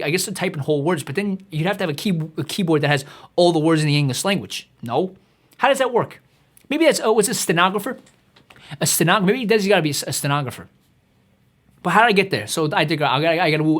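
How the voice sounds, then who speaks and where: A man's voice: a little high, a bit bright. A man hosting his own podcast, delivering a rambling, profanity-heavy comedic rant that is exasperated and mocking and full of restarts. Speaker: podcast host.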